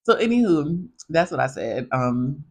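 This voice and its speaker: A young woman hosting a podcast, telling casual stories in a chatty, animated way and talking straight to her listeners. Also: low voice, a little slow, slightly rough. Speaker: podcast host. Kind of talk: casual storytelling monologue.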